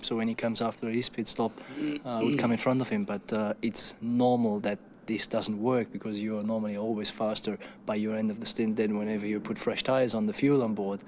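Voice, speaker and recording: A racing driver giving measured, matter-of-fact podium answers. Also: male voice, lowish voice, slight background noise. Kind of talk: post-race podium interview.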